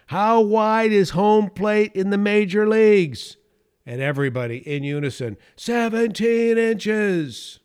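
A man hosting a podcast, telling a story in an animated way and chuckling as he goes. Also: mid-range voice. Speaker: podcast host.

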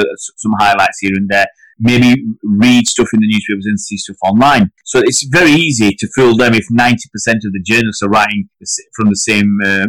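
Man, podcast co-host, animated and argumentative, dry close mic. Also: no room sound, poor audio. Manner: animated, argumentative, rising pitch when heated. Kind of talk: casual football podcast chat.

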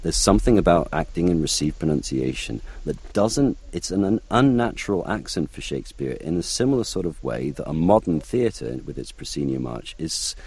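A man's voice: deep voice, sing-song, normal speed, hardly any pauses, a little mellow, slightly rough, no room sound. A man from North Wales, an actor, answering interview questions in a reflective manner, often restarting his phrases.

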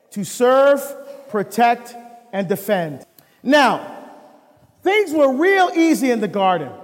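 A man from the United States preaching a sermon as a deacon, lively and full of rhetorical questions. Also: very high voice, long reverb tail.

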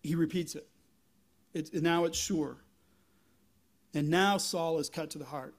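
A man preaching a sermon as pastor, retelling a Bible story in an animated way and often restarting his sentences. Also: on the high side, a little slow, pauses often. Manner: animated storytelling, acting out biblical figures, frequent restarts.

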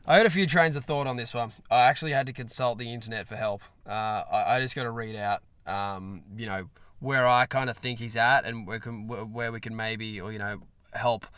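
A man's voice: mid-range voice, fairly quick, a bit bright, smooth, dry recording. A man co-hosting a podcast, talking in a hesitant, rambling, profane way. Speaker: podcast co-host. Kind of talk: casual chat.

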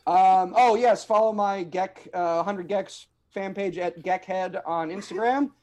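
A man's voice: sits high, measured pace, darkish tone. A man talking playfully as a guest on a casual podcast, laughing often.

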